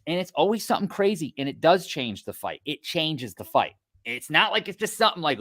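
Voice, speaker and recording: Animated man ranting on a podcast. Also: on the high side, a little fast, few pauses. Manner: animated, swearing, acting out quotes. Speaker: podcast co-host. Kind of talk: casual podcast chat.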